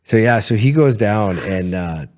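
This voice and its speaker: Low-voiced man telling rambling stories. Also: lively intonation, measured pace, darkish tone. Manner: rambling anecdotes with frequent laughs and restarts. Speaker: podcast host. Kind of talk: casual storytelling chat.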